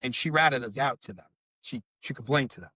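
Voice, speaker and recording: A man's voice: medium pitch, brisk, bright, forceful tone, dry recording. Heated, cursing middle-aged man. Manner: profane, rambling, heated. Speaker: bereaved father and podcast guest. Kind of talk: emotional interview storytelling.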